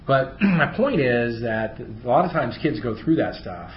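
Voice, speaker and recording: A man's voice: mid-range voice, lively intonation, unhurried, echoey room. Middle-aged guy teaching bible class, chatty, slightly muffled audio w faint hiss. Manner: conversational, often asks rhetorical questions.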